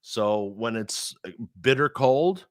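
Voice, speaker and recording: An animated man in casual talk, telling his story with plenty of profanity and playing the people he quotes. His voice sits at an average pitch. The recording is close and dry, with no room echo. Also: slow.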